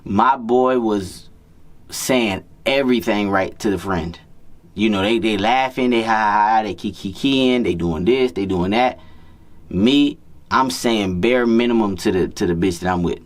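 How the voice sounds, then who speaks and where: A man's voice: lowish voice, unhurried. A man working as a dating coach, telling a story in casual, profane street slang and repeating himself often.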